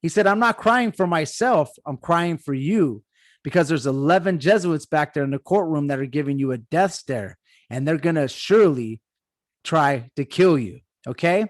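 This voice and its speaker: A man's voice: fairly high pitch, animated, moderate pace, no echo. A man hosting a casual podcast, recounting history hesitantly with many fillers and asides to listeners. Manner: hesitant reading-style recounting with fillers, addresses listeners as guys. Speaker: podcast host.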